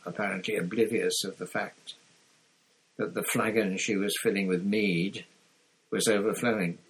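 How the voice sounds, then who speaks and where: Brief: low-voiced male audiobook reader, husky, rough and grainy. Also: fairly bright tone, poor audio. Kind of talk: reading a novel aloud.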